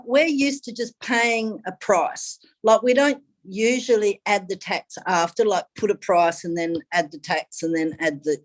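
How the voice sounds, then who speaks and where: A woman on a call, asking polite, careful questions. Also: a little high. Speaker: caller. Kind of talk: casual phone consultation.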